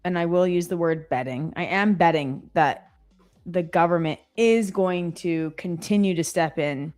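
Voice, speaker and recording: A woman's voice: fairly low pitch, a little slow, a little mellow. A woman in her thirties co-hosting a live trading stream, chatty and self-mocking, asking questions. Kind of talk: casual live trading chat.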